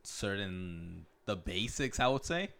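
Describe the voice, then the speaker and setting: A man's voice: lowish voice, expressive, takes it slowly, creaky, fairly bright tone. A man co-hosting a podcast, laid back, answering in short casual replies and mumbled asides. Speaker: podcast co-host. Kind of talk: casual chat.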